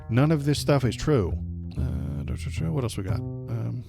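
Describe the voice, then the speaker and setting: A male political streamer rants with blunt sarcasm. His voice sits at an ordinary middle pitch. Guitar music plays clearly behind him. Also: sing-song, a little slow. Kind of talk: ranting political commentary.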